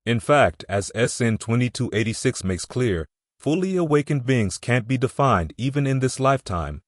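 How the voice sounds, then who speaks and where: A man with a fairly low voice reads a Buddhist text aloud, slow and deliberate. The sound is close and dry, with no room echo around it. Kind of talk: scripted reading of a Buddhist text.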